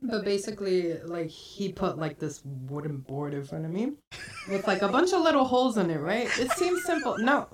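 A woman's voice: mid-range voice, animated, moderate pace, distant mic, a little hiss or hum. A woman in her twenties co-hosting a podcast, telling a rambling story full of fillers. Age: 20s. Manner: rambling storytelling, many likes. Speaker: podcast co-host. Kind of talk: casual chat.

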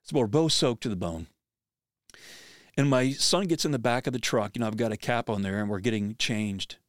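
A man's voice: mid-range voice, normal speed, no echo, clean studio sound. A middle-aged man hosting a podcast, telling a personal story in an earnest, vivid way that often restarts sentences.

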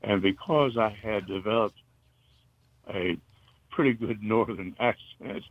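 Older man, from north carolina, deep voice, halting rambling storytelling, dry dull recording. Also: no echo. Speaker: interview guest, retired broadcaster. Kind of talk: casual reminiscing.

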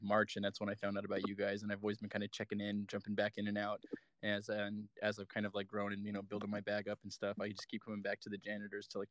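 A man's voice: lowish voice, fairly bright tone, dry recording. A man calling in to a casual chat, eager and grateful. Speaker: caller.

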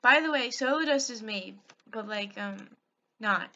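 A woman with a slightly high, slightly slow voice and a sharp tone hosts her own podcast from home while on a call with a friend. She giggles and rambles through a recap of a video, full of fillers and swearing. The recording has its highs cut off.

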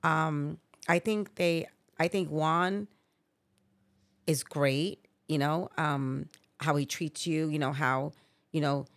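A woman's voice: sits low, fairly even intonation, takes it slowly, dry recording. A woman in her sixties, a mother chatting about family on a remote podcast setup, rambling with lots of "you know" fillers and restarts. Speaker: guest, mother of the hosts. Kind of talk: casual family chat.

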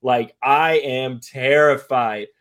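A young man from the American Midwest, co-hosting a casual podcast and telling stories with lively, acted-out quotes. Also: takes it slowly. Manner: animated storyteller, acts out quotes in a high voice. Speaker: podcast co-host. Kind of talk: casual chat.

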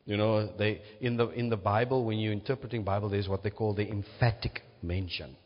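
A man's voice: fairly low pitch, fairly even intonation, brisk. A man preaching a teaching sermon, often checking in with his listeners. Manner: teaching, asks "right?" to check understanding. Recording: muffled, reverberant hall.

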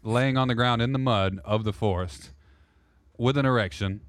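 A man's voice: medium pitch, normal speed, dry recording. A man narrating a role-play podcast as game master, loose and rambling, correcting himself as he goes.

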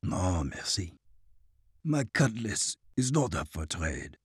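A man doing a low, curt soldier. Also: sing-song, takes it slowly, breathy edge, dry recording, studio quality, heavily acted. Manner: low, quiet, clipped refusals. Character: reserved French soldier, proud and curt.

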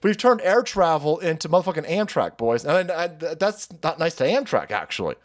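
Brief: male stream host, high voice with wild pitch swings, profane mocking political rant. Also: very animated, a little fast. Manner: loud, profane, mocking, swings between shouts and mutters. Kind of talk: ranting live-stream commentary.

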